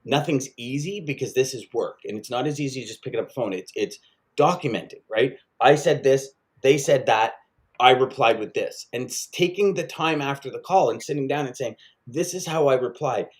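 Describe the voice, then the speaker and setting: Energetic man co-hosting a sales chat. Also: mid-range voice, brisk. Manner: energetic, repeats himself for emphasis. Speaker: podcast co-host.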